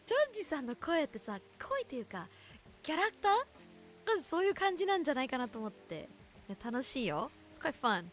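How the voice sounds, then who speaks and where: A woman's voice: high voice, a bit bright. A woman streamer chatting casually as she plays a game, playfully switching between languages. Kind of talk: casual chat while playing a game.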